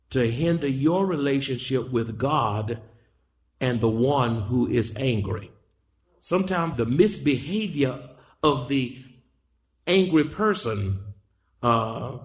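A male pastor preaching a sermon, repeating key lines and calling on the congregation to say them back. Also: fairly high pitch. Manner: preaching with repetition and call-and-response.

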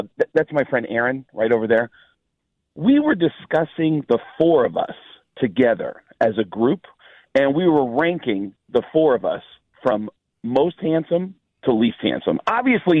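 Animated man telling comic stories. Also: medium pitch, moderate pace, no room sound, phone-quality sound. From New York. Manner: lively storyteller, voices the people in his anecdotes. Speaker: stand-up comedian, guest. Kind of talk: animated storytelling on a talk show.

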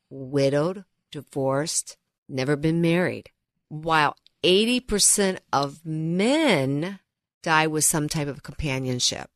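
A woman's voice: low-pitched, fairly bright tone, no room sound. Earnest female financial advisor on radio. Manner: earnest, storytelling, addresses co-host by name. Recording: dry studio sound.

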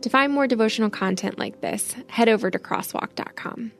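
A woman's voice: a little high, a little fast, vocal fry, faint music behind. A woman hosting a devotional podcast, speaking friendly, direct words to listeners in a scripted outro. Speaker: podcast host.

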